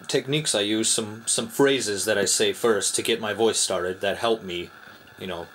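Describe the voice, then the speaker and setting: A man's voice: lowish voice, normal speed, a bit bright, a little hiss or hum. A young man hosting a casual comedic tutorial at home, rambling and self-deprecating, with lots of fillers. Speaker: host. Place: room at home, filming himself. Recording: echoey room.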